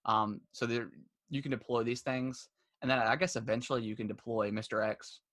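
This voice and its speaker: A man's voice: medium pitch, fairly even intonation, moderate pace, a bit bright. Man rambling in a casual podcast chat. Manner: rambling, many restarts and fillers; laughs while retelling stories. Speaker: podcast co-host.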